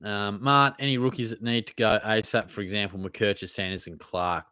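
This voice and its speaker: A man's voice: lowish voice, steady tone, moderate pace, pushed and bright, smooth. An Australian man hosting a live question-and-answer stream, talking in a laid-back, chatty way with plenty of slang. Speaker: host. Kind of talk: casual live Q&A chat.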